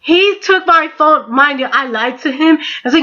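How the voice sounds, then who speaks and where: A woman's voice: high-pitched, brisk, few pauses, bright, forceful tone, muffled recording. A woman in her twenties telling a storytime, rambling with constant "like" and casual swearing. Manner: rambling, heavy use of "like", frequent swearing. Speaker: vlogger.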